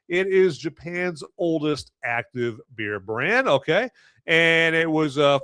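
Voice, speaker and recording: A man with a fairly high, bright, pushed voice, recorded dry and clean at studio quality. He hosts a live podcast reviewing movies and beer, chatting casually in a rambling, self-deprecating way full of jokey asides, like a relaxed live-stream conversation.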